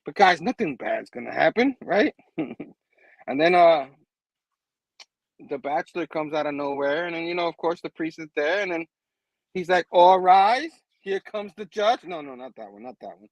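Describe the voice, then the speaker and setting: A man casually recapping a comic book, laughing often and acting out the characters in quick voices. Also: a little high, animated, no room sound, rough recording.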